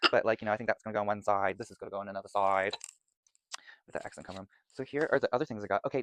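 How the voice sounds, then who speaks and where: Fast-talking man gushing over candles. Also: lowish voice, no room sound. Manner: chatty, rambling, gushing. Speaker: vlogger reviewing candles. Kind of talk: casual product chat.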